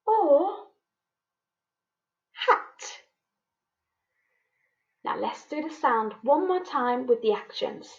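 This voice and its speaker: A woman's voice: sits high, big pitch swings, creaky, dull audio. A woman teacher giving a children's phonics lesson, coaxing young learners to repeat sounds with her. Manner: slow, sing-song, coaxing children to repeat. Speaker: primary school teacher.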